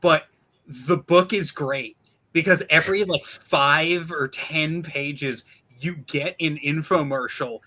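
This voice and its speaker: A man's voice: on the high side, slow pace, sharp tone, poor audio. A man chatting casually on a stream, stumbling over restarts and slipping into a mock announcer voice to quote books. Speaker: podcast guest.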